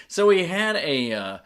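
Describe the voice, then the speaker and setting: A man co-hosting a podcast in casual chat, telling stories in a playful, jokey way. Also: fairly high pitch. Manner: animated storyteller, playful and jokey. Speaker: podcast co-host.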